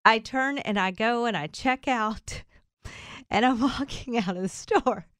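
A bright, fairly high-voiced woman on a morning radio show, telling a story in casual chat with lots of laughter and acted-out lines. The sound is close and dry, with no room around her. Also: measured pace, no echo. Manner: animated, laughing, acts out quoted lines.

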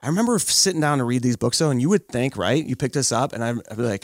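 Thirtysomething dad cohost, jokey storyteller, pitch jumps all over, dry close mic. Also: male voice, fast, no echo. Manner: animated, jokey storytelling with put-on quotes. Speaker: podcast co-host. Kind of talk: casual chat.

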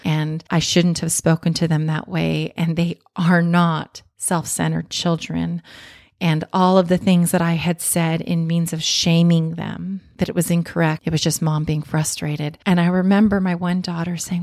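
A woman's voice: lowish voice, level tone, normal speed, darkish tone, no echo, studio quality. A woman, a mother, telling an earnest, self-reflective personal story in a candid, confessional way.

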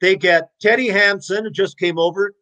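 A man in his sixties telling his stories as an interview guest, animated, blunt and profane. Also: sits high, normal speed. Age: 60s. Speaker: interview guest, former hockey player. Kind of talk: casual storytelling.

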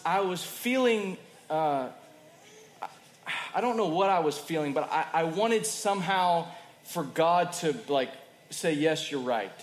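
A man's voice: fairly high pitch, a little hiss or hum. Conversational preaching man, roomy hall. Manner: conversational, swings between loud emphasis and soft quiet. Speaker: pastor. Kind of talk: sermon. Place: church hall. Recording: roomy hall with faint ambience.

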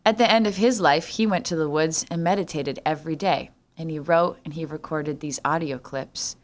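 A woman's voice: low voice, normal speed. A young adult woman from Canada hosting a solo podcast, talking in a sarcastic, jokey way and swearing freely. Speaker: podcast host.

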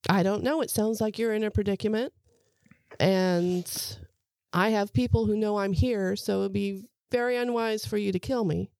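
A woman's voice: medium pitch, steady tone, normal speed, a little mellow, no room sound. A woman playing a character in a tabletop game, speaking in character with hesitant, bargaining replies. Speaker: player. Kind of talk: in-character role-play.

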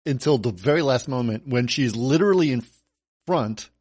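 A man's voice: normal speed, slightly rough, no echo, clean studio sound. A man co-hosting a podcast who retells film scenes, quoting the characters' lines as he goes. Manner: retells scenes with quoted lines, expressive pitch. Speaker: podcast co-host. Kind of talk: casual film discussion.

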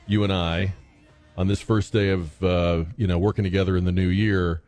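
A man hosting a radio talk show, talking in a halting, searching way with many fillers and restarts. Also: low-pitched, level tone, darkish tone, faint music behind. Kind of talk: casual radio chat.

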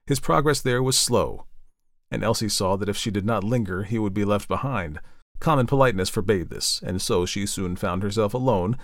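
Low-voiced man reading a novel aloud. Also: dry recording, studio quality. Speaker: narrator. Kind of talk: audiobook narration.

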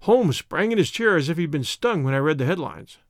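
A man reading a detective story aloud in a steady, measured storytelling manner. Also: fairly high pitch, no room sound, clean studio sound. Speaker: audiobook narrator. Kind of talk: scripted story narration.

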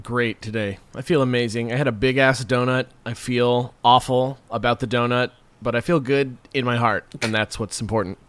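A man's voice: mid-range voice, fairly even intonation, moderate pace, few pauses, a bit bright, clean tone. A man co-hosting a casual podcast chat, laid-back and self-mocking. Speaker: podcast co-host.

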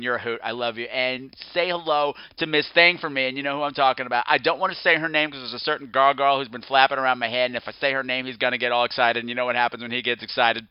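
A man's voice: medium pitch, clear, resonant tone, no echo, muffled recording. A man hosting a podcast, talking in a campy, playful way with theatrical asides. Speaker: podcast host. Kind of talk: casual podcast chat.

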